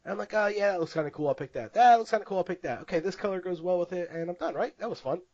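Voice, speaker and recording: A man co-hosting a podcast, telling a story in casual chat, animated and laughing often as he acts out what people said. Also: high voice, rapid-fire, no echo, dull audio. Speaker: podcast co-host.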